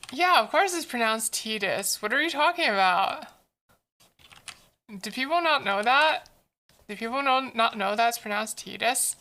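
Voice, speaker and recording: A woman streams her drawing session and chats casually, answering her viewers aloud with a playful, teasing manner. Her voice sits fairly high and sounds bright and tense, with a gravelly fry running through it. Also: lively intonation, unhurried, long pauses. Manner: chatty, answers chat messages aloud. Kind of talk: casual live-stream chat while drawing.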